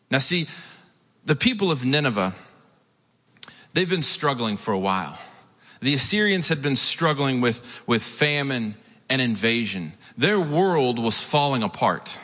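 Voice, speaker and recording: A man's voice: medium pitch, bright, forceful tone. A man preaching a sermon as a pastor, retelling a story in a casual, conversational way with asides. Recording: echoey hall.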